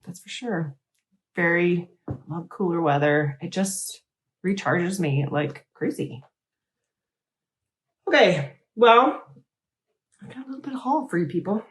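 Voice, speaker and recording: Middle-aged woman rambling chattily about her crafts, voice a bit on the low side. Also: expressive, unhurried, long pauses. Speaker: host. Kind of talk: casual chat.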